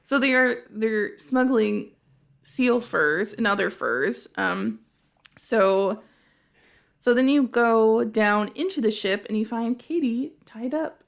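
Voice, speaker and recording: A woman's voice: a little high, animated, slow, gravelly. A woman hosting a casual podcast, animatedly recounting a video game's plot. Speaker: podcast host.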